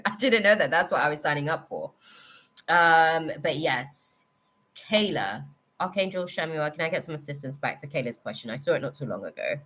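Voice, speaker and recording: A woman's voice: deep voice, expressive, normal speed, fairly bright tone. A woman hosting a live tarot reading stream, chatting casually with viewers in an effusive, emotional, rambling way full of fillers. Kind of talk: casual livestream chat.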